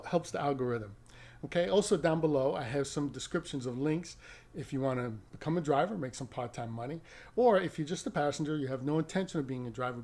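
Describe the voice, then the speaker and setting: Rambling through a casual story to camera, a middle-aged man who drives rideshare and vlogs keeps correcting himself with small chuckles, laughing at his own tales. His voice is on the high side and a little mellow.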